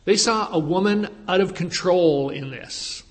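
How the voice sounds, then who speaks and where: A man's voice: sits high, a little slow. Man preaching in a reverberant hall. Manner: questioning, emphatic preaching with rhetorical questions. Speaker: pastor. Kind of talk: sermon.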